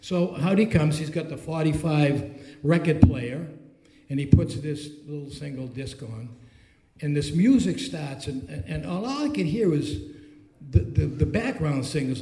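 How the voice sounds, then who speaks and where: A man's voice: a little high, unhurried, vocal fry. A man telling a story to friends, acting out the lines he quotes. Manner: animated, acts out quoted lines. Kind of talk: casual storytelling. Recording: echoey room.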